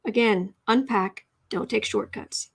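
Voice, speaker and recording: A woman hosting a casual writing livestream, chatty and thinking out loud as she teaches and reads chat messages. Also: medium pitch, fairly even intonation, measured pace, creaky, slightly rough.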